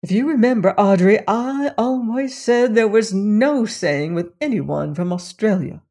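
A woman's voice: mid-range voice, animated, measured pace, mellow, pitched above the performer's own voice. A woman voicing a nervous older housekeeper who frets and quavers. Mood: fretful. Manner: fretful, quavering.

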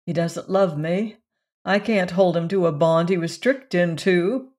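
A narrator voicing a blunt, tired young woman who answers her family in a flat, mechanical way. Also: medium pitch, measured pace, close to an everyday voice. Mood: weary, blunt.

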